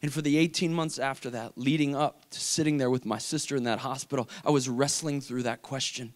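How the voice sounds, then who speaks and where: A young adult man telling an emotional personal story in a faith talk, swinging from hushed to intense. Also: fairly high pitch, moderate pace. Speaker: speaker.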